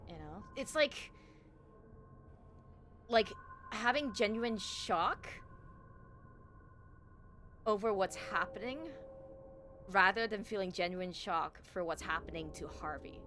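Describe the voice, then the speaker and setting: A woman's voice: medium pitch, takes it slowly, long pauses, sharp tone, slight background noise. A young woman voice actor chatting casually about her role, rambling with lots of fillers. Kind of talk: casual commentary on her own performance.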